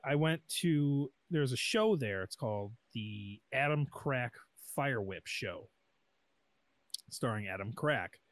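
A man, co-hosting a podcast and telling a lively, jokey story in casual chat, acting out quotes. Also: medium pitch, takes it slowly, no room sound. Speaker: podcast co-host.

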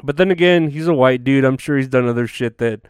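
A man's voice: medium pitch, fairly quick, a little mellow, smooth, no echo, studio quality. A tired man hosting a casual solo podcast, rambling and swearing with lots of fillers and restarts. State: tired, yawning. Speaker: podcast host.

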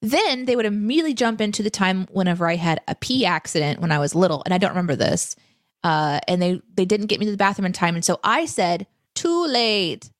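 A woman co-hosting a casual livestream chat, reading viewer questions and telling lively stories. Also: mid-range voice, fast, no echo, clean studio sound.

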